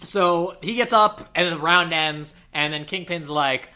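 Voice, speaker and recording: A man casually retelling a movie plot to a co-host, animated and quoting the characters as he goes. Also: on the high side. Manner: animated storytelling, quoting characters in quick voices. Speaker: podcast co-host. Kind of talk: casual movie recap chat.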